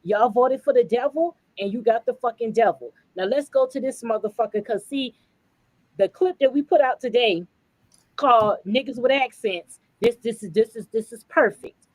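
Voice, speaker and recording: A woman's voice: a little high, moderate pace, dry recording, poor audio. A woman podcast co-host, giving blunt, profane, fired-up commentary. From United States. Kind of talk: heated commentary.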